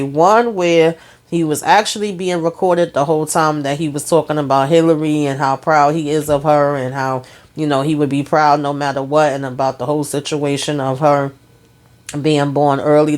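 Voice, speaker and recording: A woman's voice: low voice, fairly even intonation, normal speed, darkish tone. A woman hosting a casual TV episode recap, chatty and talking straight to her viewers. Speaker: TV recap host.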